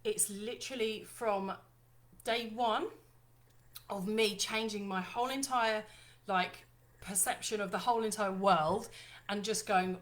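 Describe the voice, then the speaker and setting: A woman's voice: mid-range voice, steady tone, unhurried. A woman hosting a casual live stream, chatty and bubbly, talking straight to her viewers. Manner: chatty, bubbly, apologetic, addresses viewers as lovely ladies. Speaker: live-stream host launching her ebook.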